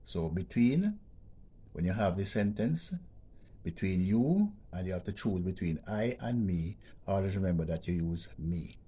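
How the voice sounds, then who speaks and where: In an educational vlog lesson, a man patiently explains grammar, repeating each point and checking in with "okay?" He speaks in a deep, warm voice with a breathy edge, animated yet unhurried.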